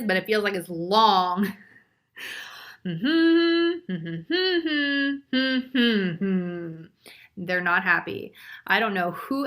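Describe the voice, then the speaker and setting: Woman, psychic reader, bright clear voice, blunt and profane, chatty live reading. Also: medium pitch. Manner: blunt, swearing, laughing, chatty. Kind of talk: live group tarot reading.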